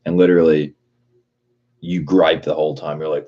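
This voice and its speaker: A man with an extremely deep, husky voice rants on a casual livestream, rambling and swearing freely with plenty of "like." The audio is dull and lo-fi. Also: little pitch movement, moderate pace, warm tone. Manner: profane, rambling, lots of "like". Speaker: livestreamer reading chat.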